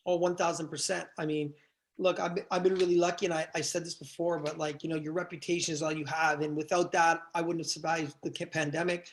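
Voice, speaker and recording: Man, podcast guest, animated storyteller, swears a lot, very quick pace. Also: fairly high pitch. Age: young adult to middle-aged. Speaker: guest, event promoter. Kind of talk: casual podcast chat.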